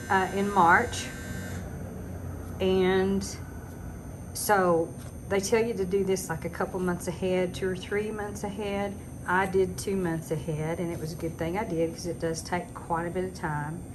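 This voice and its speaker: Lady in her 60s venting at home, lowish voice, kinda exasperated, noisy background hiss. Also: flat delivery, a little slow. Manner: exasperated, talkative, sarcastic asides. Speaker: vlogger. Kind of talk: casual rant. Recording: noticeable background noise.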